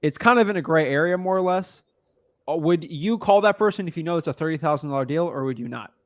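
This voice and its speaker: A man's voice: fairly high pitch, animated, fast, no room sound, studio quality. Slangy, laid-back young man coaching. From United States. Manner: laid-back, slangy, talks through what he looks up. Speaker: real estate wholesaling coach. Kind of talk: casual coaching call.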